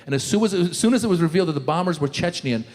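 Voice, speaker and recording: A man doing a stand-up comedy set, animated, slipping into loud impressions of the people in his jokes. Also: fairly high pitch, very fast. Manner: animated, jumps into shouted impressions. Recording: live show in a large hall.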